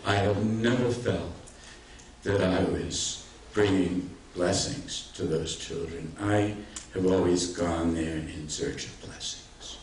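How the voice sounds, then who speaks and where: An older man giving a public talk, telling anecdotes with warmth and self-deprecating humor. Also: low-pitched, slow pace, a little hiss or hum. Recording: roomy hall, mic at a distance.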